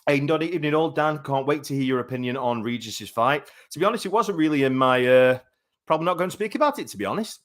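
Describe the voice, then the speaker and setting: A man's voice: on the high side, expressive, fast talker. A man in his thirties hosting a live boxing talk show, chatty and rambling with many fillers. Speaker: boxing show host and commentator.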